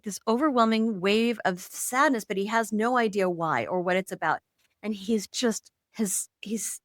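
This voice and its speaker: A woman guest on a podcast, telling stories in an animated way and slipping into quoted voices. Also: mid-range voice, no room sound, studio quality. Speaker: podcast guest, intuitive and author. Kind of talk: conversational storytelling.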